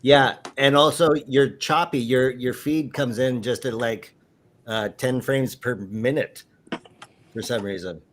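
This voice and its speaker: A man's voice: medium pitch, measured pace, a little hiss or hum. A man with a mid-range voice hosts a live paranormal show. He guides the team in a friendly, easygoing way and uses lots of uh's and filler words. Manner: friendly, guiding, filler-heavy. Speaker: show host.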